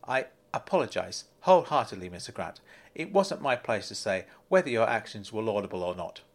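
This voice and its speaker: A man's voice: fairly low pitch, lively intonation, a little fast. A man voicing a polite, deferential male bank manager in a storybook reading. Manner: courteous, deferential, apologetic.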